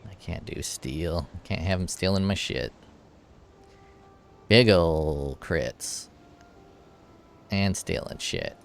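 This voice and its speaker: A man's voice: low voice, slow, vocal fry, long pauses. A man casually commenting over his own gameplay, thinking aloud and swearing freely. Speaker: gameplay streamer.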